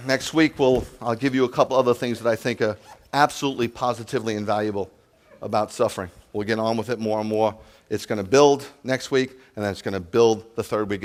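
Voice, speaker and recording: A man preaching a sermon as a rabbi, earnest and direct, dropping to a soft, confiding tone and then rising to loud scolding. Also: fairly low pitch.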